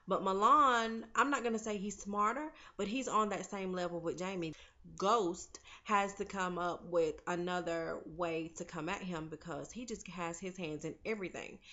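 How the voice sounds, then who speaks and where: A woman recaps a TV episode in a chatty, opinionated way, addressing her viewers directly as "y'all" and "honey." Her voice is fairly low with a sharp tone, and the audio is dull.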